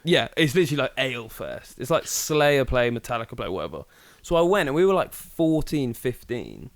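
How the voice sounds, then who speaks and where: A man's voice: mid-range voice, brisk, gravelly, dry recording. A young man co-hosting a podcast, telling stories in casual chat, swearing freely and acting out the people in them. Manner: animated storyteller, acts out voices, swears freely. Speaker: podcast co-host.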